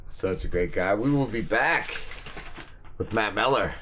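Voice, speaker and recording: A man's voice: lowish voice, lively intonation, unhurried, sharp tone, a little hiss or hum. A young adult man hosting a comedy podcast, casual, jokey and laid-back. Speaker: podcast host.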